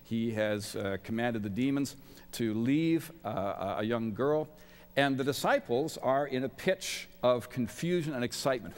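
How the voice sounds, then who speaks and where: In a large college chapel, a middle-aged guest speaker preaches a sermon laced with wry humor at his own expense. His medium-pitched voice is a little mellow, with lively intonation at a moderate pace, and the space adds a long reverb.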